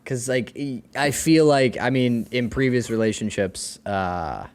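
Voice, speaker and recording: A twenty-five-year-old man co-hosting a comedy podcast, joking and quick to laugh. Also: mid-range voice, darkish tone, smooth. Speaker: podcast co-host. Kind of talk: casual comedic chat.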